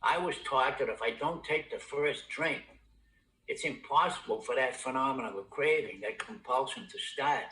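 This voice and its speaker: Older man, recovery meeting testimony, blunt, heavy swearing, stammers and repeats, forceful voice, echoey room. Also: mid-range voice, normal speed. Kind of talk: personal testimony talk.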